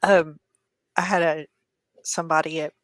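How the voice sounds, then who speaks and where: Frank woman, low dry voice. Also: fairly even intonation, moderate pace, dry recording. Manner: frank and candid, laughing. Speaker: co-host. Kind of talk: casual chat.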